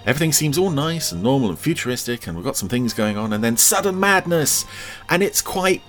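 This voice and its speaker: A man's voice: medium pitch, big pitch swings, fast, faint music behind. A man hosting a podcast, giving chatty, enthusiastic commentary over an old TV episode. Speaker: podcast host.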